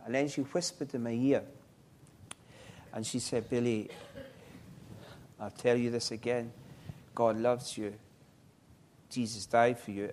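A middle-aged man, telling his life story in an interview, halting and reflective with frequent restarts. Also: mid-range voice, a little hiss or hum. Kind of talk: personal testimony in an interview.

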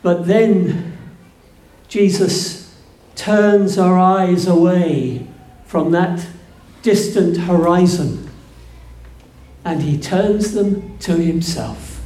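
A man preaching a sermon, slow and emphatic, building to fervent peaks. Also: sits high, mellow. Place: church. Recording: echoey church room.

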